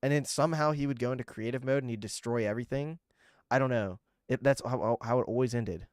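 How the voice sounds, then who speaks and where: A man's voice: medium pitch, fast talker, darkish tone, no echo, studio quality. A young man streaming and chatting loosely with viewers, swearing and getting irritated as he rambles. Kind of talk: casual livestream chat with viewers.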